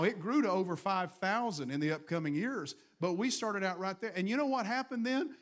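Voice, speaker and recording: A man's voice: high voice, expressive, normal speed, hardly any pauses, a bit bright, some chatter behind. A man, a pastor preaching a storytelling sermon to his congregation with bursts of raised emphasis. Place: church in front of a congregation.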